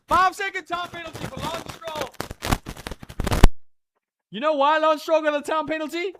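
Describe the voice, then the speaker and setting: A man hosting a live race watchalong stream, giving excitable, profane, ranting commentary. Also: very high-pitched, a little slow, pauses often, very noisy.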